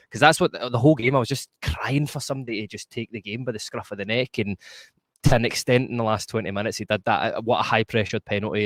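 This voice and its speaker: Scottish man, lowish voice, blunt and emphatic, dry close recording, football podcast chat. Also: no echo. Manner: emphatic and blunt, stumbling over words. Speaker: podcast co-host. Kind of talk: post-match football reaction chat.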